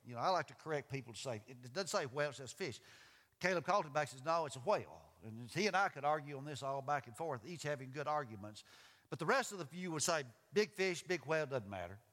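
Give me a high-voiced man preaching an emphatic sermon in a church with a long echo. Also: expressive, fast talker, fairly bright tone. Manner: emphatic, asks the audience questions. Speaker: pastor. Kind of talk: sermon with scripture reading.

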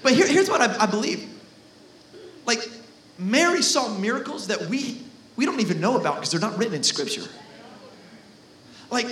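Male pastor, sermon, joking, shouts for emphasis, bright tone, echoey church room. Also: very high voice. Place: church hall.

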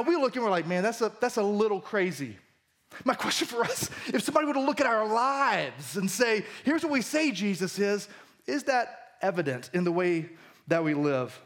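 A man's voice: high-pitched, fairly bright tone. A man preaching a sermon as pastor at a church service, reading scripture and explaining it in a conversational, emphatic way.

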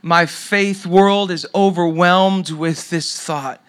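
A man's voice: on the high side, lively intonation, unhurried, sharp tone. A middle-aged man preaching a sermon, telling a story and dropping to a near whisper at tender moments. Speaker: pastor.

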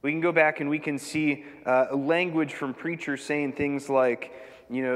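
A man preaching a sermon as pastor, reading scripture with measured delivery and dramatic emphasis on quoted lines. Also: fairly high pitch, fairly even intonation, a bit bright. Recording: long hall reverb.

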